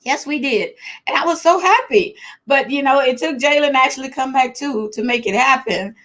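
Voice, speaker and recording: A fairly high-voiced woman hosts a casual live-stream chat from home. She is chatty and excitable, laughs often and talks straight to the people watching. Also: normal speed. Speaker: host of a live chat show.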